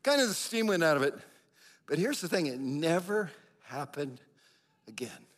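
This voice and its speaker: Middle-aged man, pastor, sermon storytelling, slightly high voice, lively delivery. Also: moderate pace. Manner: animated storyteller, acts out quotes with big pitch jumps.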